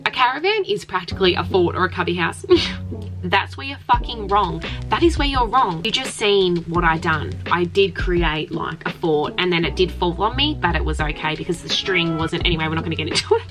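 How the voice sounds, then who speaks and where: A woman's voice: lowish voice, normal speed, music in the background. A woman, talking to camera in a casual vlog from a caravan. She talks in a hyper, giggly, rambling way and swears freely. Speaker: vlogger. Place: caravan, indoors.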